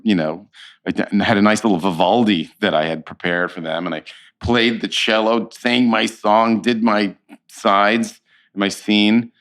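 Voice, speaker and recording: A man in his fifties with a deep, resonant voice talks as an actor guest on an interview show. He spins his anecdotes with animation and often stops mid-phrase to correct himself. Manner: animated anecdote-teller, quick self-corrections. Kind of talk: casual interview storytelling.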